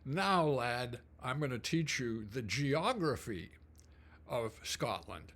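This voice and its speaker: A man's voice: mid-range voice, expressive, slow, a bit bright. A man quoting a charming elderly Scottish nobleman who speaks in a genial, folksy way. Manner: folksy, with "aye, lad" address.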